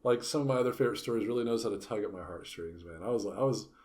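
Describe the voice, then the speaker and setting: A man co-hosting a casual book discussion, animated, dropping into playful voices when he retells scenes. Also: lowish voice, racing. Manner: animated, puts on character voices when quoting. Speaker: podcast co-host.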